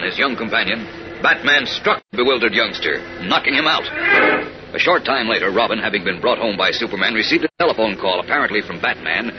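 Dramatic radio announcer, man. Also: medium pitch. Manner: dramatic, measured. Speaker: announcer and narrator. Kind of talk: scripted narration. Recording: dull old radio recording with music.

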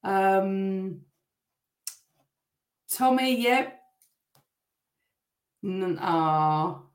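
A middle-aged woman hosting a live stream, chatting and greeting viewers by name while reading their comments, her voice still a little rough. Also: medium pitch, lively intonation, extremely slow, roomy sound.

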